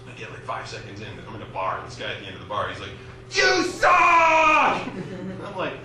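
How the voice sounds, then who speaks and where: A man's voice: on the low side, steady tone, very fast. A young man from Massachusetts with a Boston accent doing a wry, self-mocking stand-up set in a small comedy club. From Massachusetts, USA. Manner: wry, self-mocking storytelling, loose and chatty. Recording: echoey club from a distant camera, audible noise.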